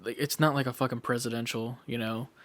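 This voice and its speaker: A man's voice: medium pitch, steady tone, fast, a bit bright, dry recording. A young man co-hosting a gaming podcast in casual chat, laid-back and peppered with "like". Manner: laid-back, heavy use of "like", swears casually. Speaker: podcast co-host.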